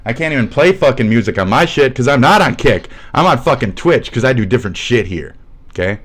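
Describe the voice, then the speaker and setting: A man's voice: medium pitch, expressive, brisk, a bit bright, slight background noise. A young man with a Midwestern American accent, a streamer ranting sarcastically and swearing nonstop as he mocks commenters. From Midwest USA. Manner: abrasive, sarcastic, mocking, swears constantly. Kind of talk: profane ranting livestream commentary.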